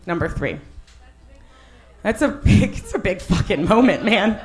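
Young woman comic, animated and laughing, self-mocking delivery. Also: medium pitch, a little slow. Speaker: stand-up comedian. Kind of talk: stand-up set, then casual chat.

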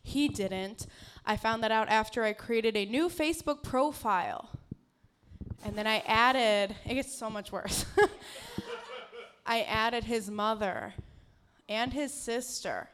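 A woman's voice: fairly high pitch, slow pace, fairly bright tone, clean tone. A woman doing a stand-up comedy set on a club stage, often laughing at her own jokes.

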